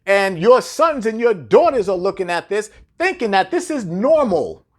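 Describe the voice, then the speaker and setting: A man preaching a blunt, profane monologue straight at his listeners. His voice sits fairly high and swings widely in pitch, hammering home points with repeated rhetorical questions. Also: big pitch swings, moderate pace. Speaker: commentator.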